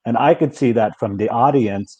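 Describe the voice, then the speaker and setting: A man's voice: medium pitch, normal speed, dark tone, husky, lo-fi sound. A man hosting a live online talk show, reading out viewers' questions and praising his guest at length. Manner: reads chat questions, effusive with praise. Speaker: host.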